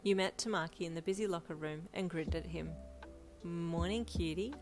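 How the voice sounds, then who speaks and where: A woman reads a fanfiction story aloud in a steady storytelling manner. Her voice sits somewhat low for a woman. Soft lo-fi music plays faintly behind her. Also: fast. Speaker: narrator. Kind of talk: fanfiction audiobook reading.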